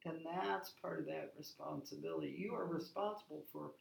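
Woman, 60s, gravelly low voice, animated storyteller, roomy recording. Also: a little fast. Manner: lively storyteller, laughs often. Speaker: guest. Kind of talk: casual conversation.

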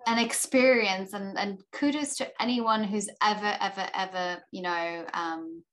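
A woman's voice: mid-range voice, unhurried, a bit bright. A young adult woman with a South African accent, chatting casually as an interview guest and filling her talk with "you know". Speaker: actor and filmmaker guest.

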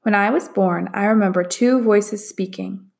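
Woman doing a weepy gentle dragon. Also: medium pitch, creaky, lightly acted. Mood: sorrowful. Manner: slow, sorrowful, halting. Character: sad gentle young male dragon.

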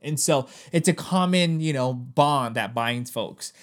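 A man co-hosting a casual podcast chat, animated and profane, laughing often and jumping up in pitch when he acts out what people say. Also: measured pace. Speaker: podcast co-host. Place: Los Angeles.

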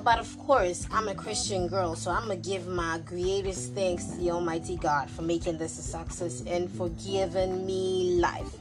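A woman's voice: lowish voice, steady tone, normal speed, hardly any pauses. A woman with a Ghanaian accent hosting her podcast, chatty and bubbly with playful asides. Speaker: podcast host. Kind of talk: casual podcast chat. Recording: music playing behind.

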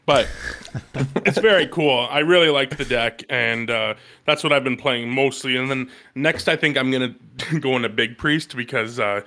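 A man chatting casually about card games, animated and jumping up in pitch as he tells stories. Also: normal speed. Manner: animated, jumps to high excited pitch when telling stories. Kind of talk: casual gaming chat.

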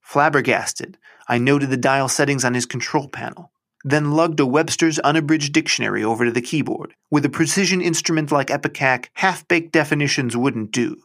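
A man's voice: on the high side, normal speed, a bit bright. Man, story reading, wry, understated, first-person narration. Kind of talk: literary short-story reading.

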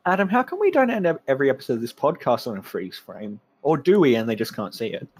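A man's voice: medium pitch, quick pace, breathy edge. A man co-hosting a podcast, joking and sarcastic as he recaps an episode. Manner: animated, jokey, sarcastic. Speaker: podcast co-host. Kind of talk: casual recap chat.

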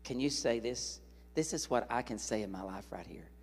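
Husky-voiced preacher in a hall. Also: male voice, medium pitch, normal speed. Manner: animated, joking storyteller. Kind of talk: sermon. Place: large church hall. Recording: reverberant church hall.

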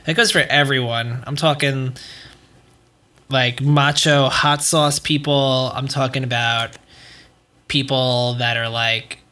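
A man's voice: medium pitch, fairly even intonation, slow, bright, forceful tone. A young man hosting a podcast, chatting casually and rambling with plenty of swearing. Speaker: podcast host. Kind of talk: casual chat.

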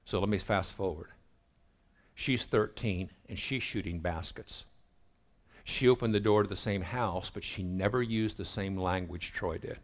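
A man's voice: deep voice, a little slow. A middle-aged man preaching a sermon, telling family stories and acting out the dialogue along the way. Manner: acts out family dialogue in a lively storytelling way. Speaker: pastor. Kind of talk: sermon storytelling.

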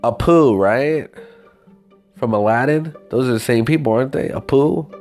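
A man's voice: medium pitch, normal speed, darkish tone, faint music behind. Profane rambling male storyteller. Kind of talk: casual storytelling rant.

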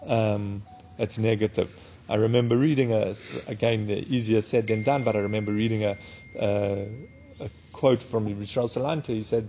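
A man giving a daf yomi Talmud class, reading the Aramaic text and explaining it in English in a casual, unhurried way. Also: lowish voice, mellow, slight background noise. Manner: casual and unhurried, with many fillers. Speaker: Talmud teacher.

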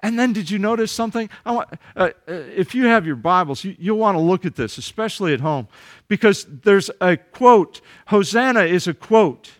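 High-voiced man preaching a sermon. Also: lively intonation, normal speed. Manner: earnest preaching with rising emphasis and rhetorical questions; repeats words when speaking off the cuff. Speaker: pastor.

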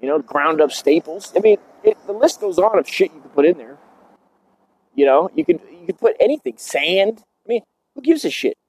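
A man in his forties tells stories casually on his podcast. His voice sits a little high and is recorded close and dry. His talk is profane and rambling, full of "dude" and "man". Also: a little mellow, no room sound. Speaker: podcast host. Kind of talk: casual storytelling.

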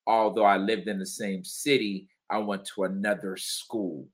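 A man co-hosting a casual podcast chat, teasing his co-host and asking probing questions between loud laughs. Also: fairly low pitch, level tone, unhurried.

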